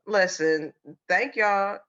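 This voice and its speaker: A woman's voice: medium pitch, takes it slowly, a bit bright. A woman co-hosting a podcast in casual chat, teasing and playful, laughing often while sick. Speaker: podcast co-host. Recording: slightly dull lo-fi sound.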